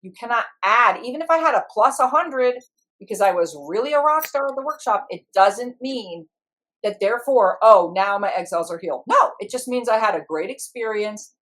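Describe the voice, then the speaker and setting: A woman's voice: on the high side, animated, moderate pace, a bit bright. A middle-aged woman, an IFS practitioner, telling a story in conversation and acting out her inner parts in quoted voices.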